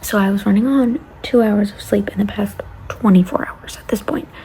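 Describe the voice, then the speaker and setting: A young woman vlogger telling a casual travel story, rambling along and often dropping to a breathy near-whisper. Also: mid-range voice, fairly even intonation, moderate pace, warm tone, a little hiss or hum.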